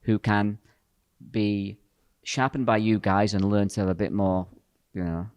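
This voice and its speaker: A man's voice: fairly low pitch, fairly even intonation, a little slow, a little mellow, clear, resonant tone, dry recording. A man hosting a podcast discussion, talking bluntly and directly with a joking edge. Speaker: podcast host and pastor. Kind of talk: casual discussion.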